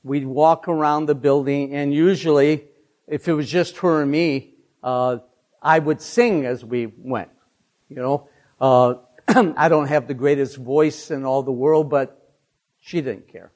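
An older man giving a devotional talk, halting with many fillers, lingering over phrases and asking listeners to repeat after him. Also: fairly high pitch. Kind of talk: devotional talk with psalm reading.

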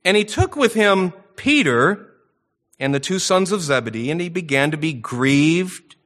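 A man delivers an expository sermon in a bright, forward voice that sits a little high. He reads scripture aloud, then builds his points with rising emphasis and dramatic pauses. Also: lively intonation. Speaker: pastor.

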